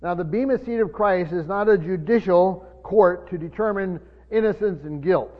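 A man preaching a sermon, teaching from the Bible in a halting way with many fillers and restarts, slowing down to stress key words. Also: sits high. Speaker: pastor. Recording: muffled sermon recording in a reverberant hall.

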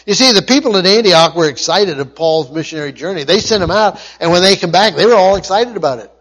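A man with a notably high voice delivers a sermon. He stumbles and restarts, then hammers home phrases by repeating them again and again. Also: animated, fast, a bit bright, poor audio. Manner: emphatic repetition, frequent restarts and stumbles. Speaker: preacher.

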